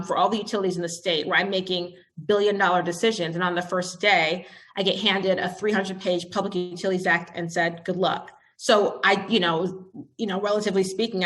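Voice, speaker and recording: A woman's voice: fairly low pitch, pushed and bright. A woman in her forties, a company CEO, speaking to an audience and telling a candid story about her career, acting out bits of dialogue along the way.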